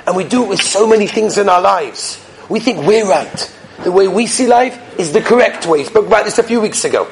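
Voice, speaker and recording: High-voiced man telling a sermon. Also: animated, a little fast, creaky, a little hiss or hum. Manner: storytelling, acts out the people in his stories; sprinkles Hebrew and Yiddish terms. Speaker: rabbi giving a weekly Torah talk. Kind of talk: sermon with stories.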